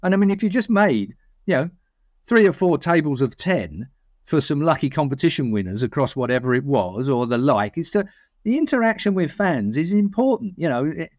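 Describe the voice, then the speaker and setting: A man's voice: fairly high pitch, very animated, normal speed, darkish tone, dry recording. Opinionated British man, dry close sound. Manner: opinionated, rambling storyteller. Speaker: podcast co-host. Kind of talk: casual chat.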